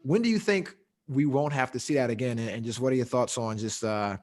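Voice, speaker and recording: A young man hosts a casual podcast chat. He swears freely and laughs between stories. His voice sits at an ordinary male pitch. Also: a little fast. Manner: loose, profane, laughing storyteller. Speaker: podcast host.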